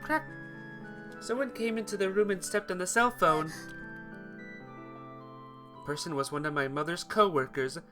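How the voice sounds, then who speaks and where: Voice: medium pitch, normal speed, pauses often. A streamer reading a visual novel aloud, greeting viewers between lines. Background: guitar music.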